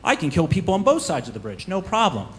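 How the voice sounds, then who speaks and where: A man's voice: high voice, wildly swooping pitch, quick pace, pitched above the performer's own voice. Man playing a grumbling warrior, blunt, middle-aged, storybook figure.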